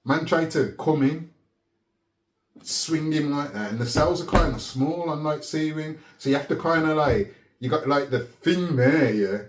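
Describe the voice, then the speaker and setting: A man telling a story in a casual, animated way, laughing often and checking in with "yeah?". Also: fairly high pitch, measured pace. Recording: roomy echo.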